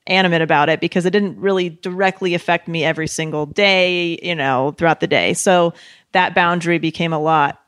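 A young woman co-hosting a podcast, a little hoarse, talking in rambling casual chat full of fillers and the odd swear word. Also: fairly low pitch, steady tone, brisk, a bit bright, no room sound, clean studio sound. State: slightly hoarse. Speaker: podcast co-host.

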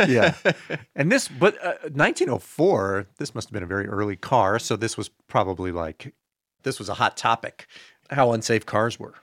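A man's voice: lowish voice, lively intonation, normal speed, a bit bright, no echo, studio quality. A man co-hosting a podcast in casual chat, full of wry jokes and asides. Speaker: podcast co-host.

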